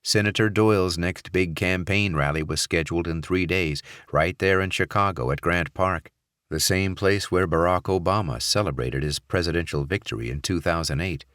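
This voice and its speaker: A male narrator reading a thriller audiobook in a steady, measured way. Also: low-pitched, no room sound, studio quality. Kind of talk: scripted narration.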